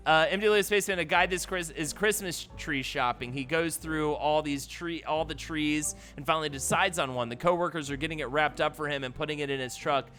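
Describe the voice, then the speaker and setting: A man hosting a live stream reads jokes aloud in a bright, slightly high voice, laughing along as he goes. He tells long stories with plenty of playful asides. Faint music plays behind him. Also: fairly quick, few pauses. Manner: playful joke-telling, laughs often. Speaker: host.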